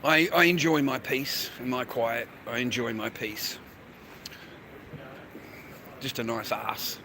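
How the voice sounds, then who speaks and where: A man's voice: mid-range voice, steady tone, slow, creaky, noisy background. A middle-aged Australian man rambling in a loose, profane way during a casual livestream, talking to his phone and speaking directly to the viewer. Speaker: live streamer. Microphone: phone held while talking.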